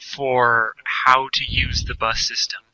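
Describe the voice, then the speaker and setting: A man in a casual podcast chat who talks haltingly and often restarts his sentences. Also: medium pitch, level tone, sharp tone, poor audio. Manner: halting, restarts a lot, knowledgeable about games.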